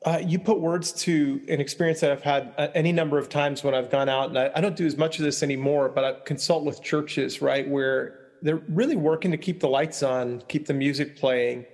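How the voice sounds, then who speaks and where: A man's voice: fairly high pitch, fairly even intonation, a little fast, few pauses, darkish tone, big-room sound. A man from Long Island, a church consultant and speaker, talking thoughtfully in a casual conversation and often asking "right?". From Long Island, New York. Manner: thoughtful, reflective, many restarts and "right?".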